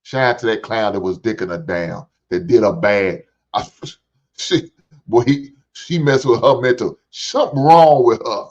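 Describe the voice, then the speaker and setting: This man's voice is lowish and a little mellow, paced in a measured way, as he hosts a show reacting to clips. In casual commentary he rants profanely, preaches to the camera, and now and then taunts in a sing-song tone, all on a dull lo-fi recording.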